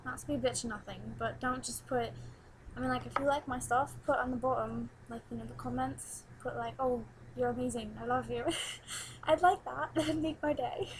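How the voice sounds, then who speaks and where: A teenage girl chats into her webcam at home, her voice sitting a little high. She rambles from one thing to the next and breaks into giggles often. A faint hiss runs under the home recording. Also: normal speed. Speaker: new vlogger. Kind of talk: casual webcam chat.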